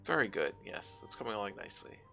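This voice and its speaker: A man reading the lines of a cultured, courteous drone engineer in a calm, formal way. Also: on the low side, gravelly, faint music behind, exaggerated voice. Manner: polite, measured, formal phrasing.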